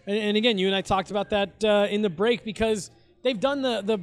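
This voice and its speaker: A man's voice: sits high, fairly even intonation, fairly quick, smooth, faint music behind. A man hosting a sports podcast, chatting casually, rambling with restarts and frequent laughs. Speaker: podcast host.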